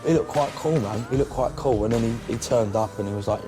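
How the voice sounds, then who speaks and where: A man's voice: medium pitch, fairly quick. A man from a pop band telling stories animatedly, acting out what people said. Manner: animated storytelling, acts out quotes. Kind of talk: interview. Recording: music under interview.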